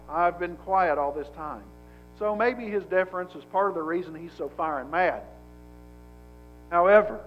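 High-voiced conversational male preacher. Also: lo-fi sound. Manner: conversational, emphatic, repeats words as he restarts. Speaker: pastor. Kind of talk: sermon.

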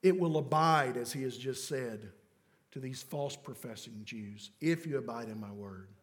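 A man preaching a sermon in an emphatic way, building to loud declarations. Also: medium pitch, moderate pace. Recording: long hall reverb.

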